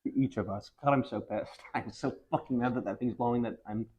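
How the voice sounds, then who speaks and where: A man's voice: medium pitch, a little fast, darkish tone, husky. A man hosting his own vlog from home, talking in a rambling casual monologue full of ums and frustration. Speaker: vlog host. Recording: slightly dull lo-fi recording.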